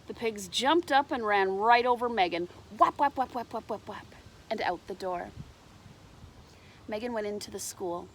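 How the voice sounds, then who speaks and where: A woman reading a children's picture book aloud with lively, animated delivery. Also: mid-range voice, moderate pace, a little hiss or hum. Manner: animated, shouts character lines, explains to children. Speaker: storybook reader. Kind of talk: children's storybook read-aloud.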